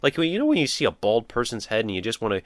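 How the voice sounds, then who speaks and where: A man's voice: medium pitch, huge pitch swings, very fast, dry recording. A young man commentating a sad game as he plays, tearful and rambling, with jokey asides. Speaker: gamer. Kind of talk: let's-play commentary.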